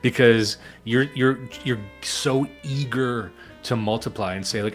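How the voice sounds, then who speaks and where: A man's voice: medium pitch, fairly even intonation, slow pace, faint music behind. A man co-hosting a live stream in casual talk, sarcastic and profane, breaking into laughs.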